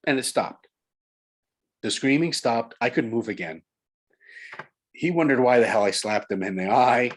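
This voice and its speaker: A man's voice: medium pitch, expressive, normal speed, pauses often. A man from Long Island, an author and guest, telling a ghost story in casual chat, building suspense through repetition. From Long Island, New York.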